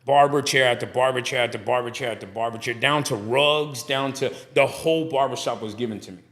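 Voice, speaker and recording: A man, animated, telling his story in a casual interview and acting out other voices. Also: medium pitch, quick pace. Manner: animated, preachy storyteller who acts out dialogue. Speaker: barbershop owner and guest.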